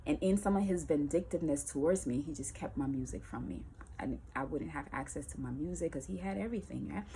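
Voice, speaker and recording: A woman musician telling a personal story in a casual, colloquial way, lively and acting out the voices of the people in it. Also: sits low, fast talker, gravelly, a little hiss or hum. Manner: animated, colloquial, acts out quoted voices.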